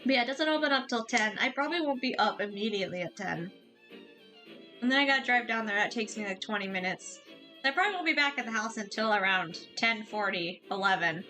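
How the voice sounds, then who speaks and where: A woman game streamer chatting casually and excitedly, giggling and swearing now and then. Her voice sits a little high, with game music running clearly underneath. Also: a little fast.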